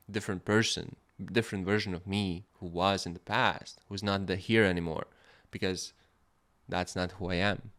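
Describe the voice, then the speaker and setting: A man with a deep, clear, resonant voice hosts a podcast, telling a personal story in a casual monologue. At times he is animated and laughing, at others quiet and reflective.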